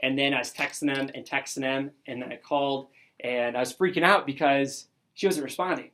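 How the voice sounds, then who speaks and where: A young man telling an excited story to his sales team, acting out the dialogue as he goes. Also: mid-range voice, brisk, slight background noise. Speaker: sales district manager. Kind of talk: motivational talk to a sales team.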